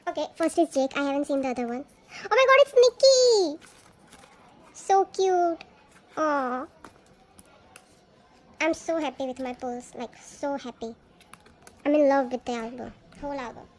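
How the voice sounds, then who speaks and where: A woman unboxing albums on a casual vlog, gushing excitedly and gasping at each card she pulls. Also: high voice, normal speed, long pauses, a little hiss or hum.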